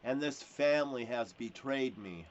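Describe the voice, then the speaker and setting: A man's voice: medium pitch, unhurried. Aggrieved man ranting alone on camera, cursing nonstop and jumping between topics; muffled lo-fi recording. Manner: profane, swears constantly; rambling, jumps between topics. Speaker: self-proclaimed prophet. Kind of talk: rambling ranting monologue. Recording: dull lo-fi recording with faint hiss.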